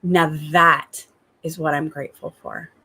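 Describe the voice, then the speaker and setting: A woman talking to her viewers in an upbeat, enthusiastic gratitude vlog, returning again and again to the same warm phrases. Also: sits low, fairly even intonation, measured pace, slightly rough. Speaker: spiritual coach.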